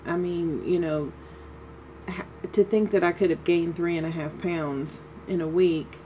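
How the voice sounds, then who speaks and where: A woman talking through a casual video diary update in a slow, rambling way with many fillers. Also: fairly low pitch, steady tone. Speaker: vlogger. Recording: dull lo-fi with faint noise.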